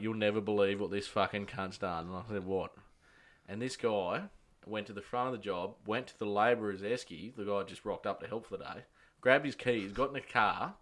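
Bright-voiced Australian man telling yarns. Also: on the low side. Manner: swears a lot, acts out quotes. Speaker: podcast co-host. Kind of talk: casual storytelling chat.

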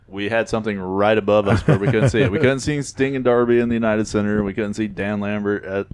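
A man's voice: fairly low pitch, fairly even intonation, fast talker, a little mellow, smooth, dry recording. A man co-hosting a podcast in casual chat, often restarting his sentences. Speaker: podcast co-host.

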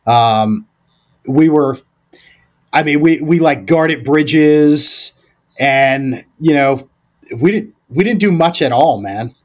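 A man with a somewhat high speaking voice tells stories from his service in a relaxed podcast chat. His delivery is loose and rambling, with lots of "like", false starts and easy profanity. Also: takes it slowly. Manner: rambling, loose delivery full of "like" and restarts, swears freely. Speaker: podcast guest, former Recon Marine. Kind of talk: casual storytelling conversation.

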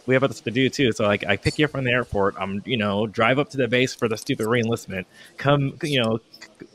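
Dude in his thirties rambling thru a story on a podcast, tons of ums and restarts, normal pitch. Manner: rambling, halting, full of fillers and restarts; acts out his own past words with heat. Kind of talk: casual storytelling chat.

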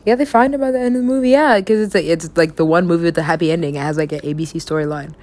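Racing along in a lowish, darkish-toned voice, a young woman rambles about the stories she has written. She laughs often and swears freely in the casual chat.

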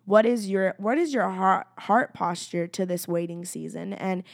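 A woman's voice: medium pitch, steady tone, moderate pace, creaky, dry recording, clean studio sound. A young woman in casual, chatty personal talk about faith and waiting, filling her speech with "like" and acting out her own prayers. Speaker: faith vlogger.

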